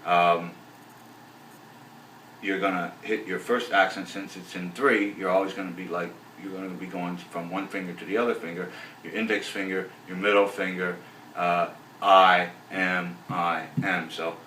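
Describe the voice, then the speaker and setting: A man teaching a bass lesson in a relaxed, rambling way, counting beats aloud as he explains. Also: normal speed, a little hiss or hum. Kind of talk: casual video lesson. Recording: roomy, voice from a distance off the mic.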